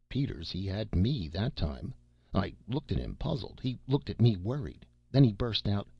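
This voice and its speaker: A man's voice: fairly low pitch, very animated, moderate pace, creaky, husky, no room sound, lo-fi sound. A man reading a classic satire aloud in a folksy first-person storytelling manner with rustic grammar. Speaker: narrator.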